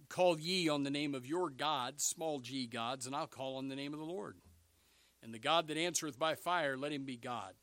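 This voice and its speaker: A man preaching a sermon, animated, swinging between loud bursts and hushed asides. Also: mid-range voice, unhurried, pauses often, dry recording.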